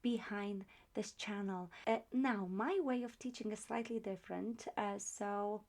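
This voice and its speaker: Woman, language teacher, unhurried delivery, patient, repeats words. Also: mid-range voice, steady tone, a little mellow. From Poland. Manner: patient, explains slowly and repeats words for practice. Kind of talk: online language lesson.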